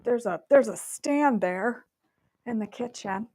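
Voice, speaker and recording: A woman hosts a casual live cooking stream from her home kitchen, speaking slowly in a fairly high, slightly mellow, husky voice. She's chatty and self-deprecating while fiddling with her mic, and the audio is warbly and staticky.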